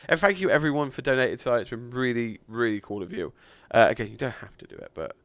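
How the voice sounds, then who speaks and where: Chatty man streaming, slightly hoarse. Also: mid-range voice, lively intonation, fast, no echo. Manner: chatty, filler-heavy, thanks donors warmly. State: hoarse, losing his voice. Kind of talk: live stream chat.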